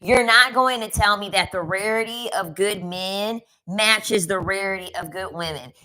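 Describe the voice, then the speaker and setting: A woman's voice: mid-range voice, normal speed, pushed and bright, poor audio. A woman giving a casual commentary rant, sassy and emphatic, often repeating her lines for effect. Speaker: commentary vlogger.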